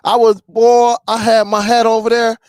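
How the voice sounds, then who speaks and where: A man's voice: very high-pitched, moderate pace, no echo, studio quality. A man hosting a tech channel, ranting casually to his viewers, grumbling and repeating himself. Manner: animated, repeats himself, grumbling football rant.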